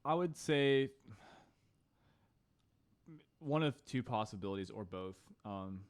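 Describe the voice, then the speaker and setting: Low-voiced man, hesitant and soft. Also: expressive, normal speed. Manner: tentative, hesitant, soft-spoken with fillers. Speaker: podcast co-host. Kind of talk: casual Bible study discussion.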